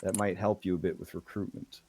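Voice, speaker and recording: A man voicing a stern older male official who sighs and speaks in a measured, persuasive way. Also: low voice, little pitch movement, a little mellow.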